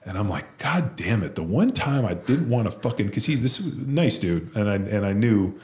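A man who played football telling profane, animated stories in a casual chat. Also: fairly low pitch, moderate pace. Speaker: podcast host, former football lineman.

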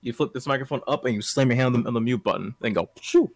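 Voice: mid-range voice, rapid-fire, dry recording. A player in a tabletop game who talks playfully and mimics noises. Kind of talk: tabletop role-play chat.

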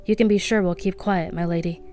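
A woman reading a novel aloud as a podcast host, soft-spoken and lightly voicing the characters. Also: fairly low pitch, steady tone, brisk, faint music behind. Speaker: audiobook reader.

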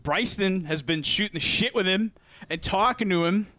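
A man's voice: high-pitched, moderate pace, sharp tone. A young man telling a story in a casual chat, laughing often, swearing and acting out quotes. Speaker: podcast co-host.

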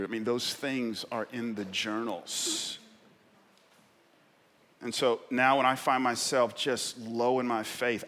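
A male pastor delivering an impassioned sermon in a church, swinging from quiet reflection to loud, shouted exhortation. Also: mid-range voice. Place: church sanctuary in San Francisco. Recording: long hall reverb in a church.

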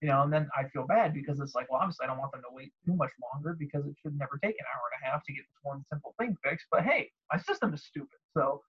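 A man co-hosting a podcast, telling animated stories and mimicking callers. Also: a little high, quick pace, few pauses, husky, dull audio. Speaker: podcast co-host. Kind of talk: casual chat.

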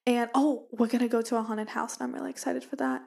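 With a slightly high, somewhat mellow voice, vocal fry, and fairly even intonation, this young podcast co-host talks fast. Her casual chat is bubbly and rambling, and she keeps addressing listeners as "you guys," all recorded on a studio mic with a pop filter.

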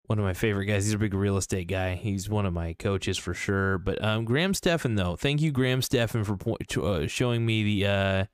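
A man's voice: fairly low pitch, a little fast, hardly any pauses, smooth, dry recording, studio quality. A man hosting a podcast, ranting casually and bluntly with plenty of swearing and fillers. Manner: blunt, profane, skeptical, many fillers. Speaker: podcast host. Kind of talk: casual opinionated podcast rant.

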